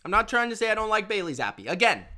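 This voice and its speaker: Man, sports show host, high voice, bright tone, emphatic casual rant. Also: sing-song, quick pace. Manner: emphatic, repetitive, addresses viewers as bro.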